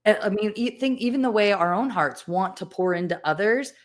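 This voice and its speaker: A woman's voice: mid-range voice, fairly quick. Reflective woman hosting a podcast. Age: adult with children. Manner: reflective, emotional, animated in bursts. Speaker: podcast host. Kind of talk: casual podcast chat.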